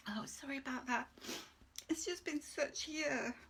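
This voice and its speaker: An emotional woman reads angel cards live with a slightly high voice. She gushes warmly over each card and sounds close to tears as she talks. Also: normal speed. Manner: emotional, gushing, tearful at times. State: tearful. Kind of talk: live card reading chat.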